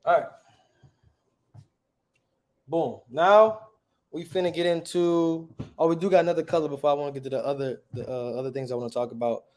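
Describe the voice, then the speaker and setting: A man's voice: on the high side, fairly even intonation, a little fast, long pauses, darkish tone. A man teaching a class in a casual, slangy way, often checking with the students by asking "right?". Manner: slangy, conversational.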